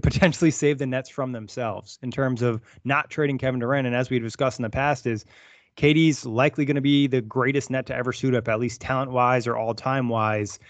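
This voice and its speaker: A man co-hosting a sports podcast, explaining his views in casual chat at a steady pace. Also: medium pitch, no echo. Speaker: podcast co-host. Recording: dull lo-fi dry sound.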